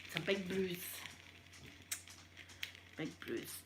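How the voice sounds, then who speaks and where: A woman's voice: fairly low pitch, expressive, very slow, noisy background. A Scottish woman hosting a chatty live stream while ironing, emotional and tearful, greeting her viewers by name.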